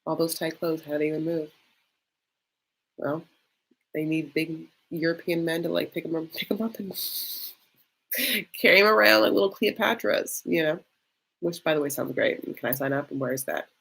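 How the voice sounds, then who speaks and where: A woman's voice: low-pitched, normal speed, creaky, long pauses, fairly bright tone, husky. Chatty, catty woman reacting live. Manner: chatty and catty, reads viewer comments aloud, heavy use of "like". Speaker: host of a live reaction stream. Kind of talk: casual live reaction chat.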